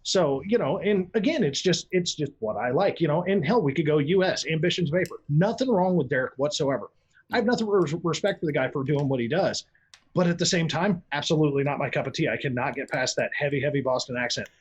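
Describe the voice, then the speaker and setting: A man's voice: animated, quick pace, husky. A man speaking as a guest on a casual podcast chat, blunt and foul-mouthed, rambling through stories and jumping into quoted voices. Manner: acts out quoted voices with big pitch jumps.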